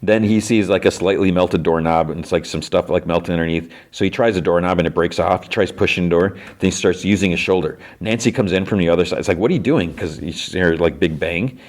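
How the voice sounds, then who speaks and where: A man's voice: low voice, fairly even intonation, a little fast, few pauses. A man hosting a podcast, casually recapping a TV episode in a rambling way full of fillers. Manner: rambling, filler-heavy with lots of "like". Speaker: podcast host.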